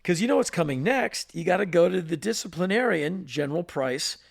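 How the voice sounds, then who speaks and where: A man co-hosting a podcast, telling a story in an animated way and acting out voices and sounds. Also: high voice, a little fast, creaky. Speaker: podcast co-host. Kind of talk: storytelling in casual chat.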